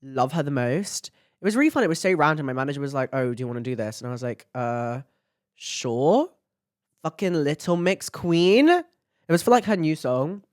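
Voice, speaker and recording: A woman's voice: low voice, animated, moderate pace, a little mellow, dry recording, clean studio sound. A young woman hosting a podcast, talking in a blunt, chatty way with lots of filler words and swearing. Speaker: podcast host. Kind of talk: casual chat to camera.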